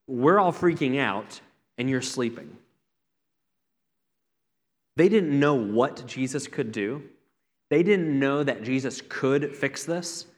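Man preaching a sermon in a reverberant hall. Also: mid-range voice. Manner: earnest, conversational preaching with repeated phrases. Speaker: pastor.

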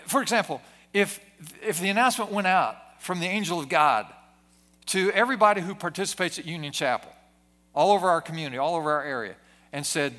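A man delivering a church sermon in a high, bright voice. He preaches earnestly and doubles back on his words as he drives each point home, speaking to a congregation at a service. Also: expressive, fast talker. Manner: earnest preaching with frequent word repetitions. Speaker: pastor.

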